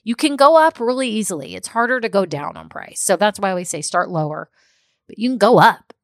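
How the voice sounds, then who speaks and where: A woman's voice: mid-range voice, lively intonation, a little fast, dry recording, studio quality. A woman business coach giving a motivational talk straight to her listeners. She is emphatic and upbeat, repeats key phrases, and keeps checking in with "okay?".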